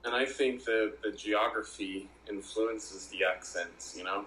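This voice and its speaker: A man's voice: fairly low pitch, steady tone, measured pace, sharp tone, reverberant, slight background noise, rough recording. A man co-hosting a casual chat, agreeable, chiming in with frequent mm-hmms. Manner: agreeable, lots of backchannel mm-hmms. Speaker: podcast co-host.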